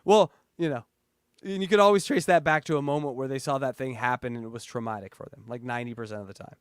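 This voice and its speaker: A man co-hosting a podcast in crude casual banter, loud and laughing as he rants. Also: mid-range voice, fast, smooth, dry recording. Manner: loud, laughing, animated ranting. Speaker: podcast co-host.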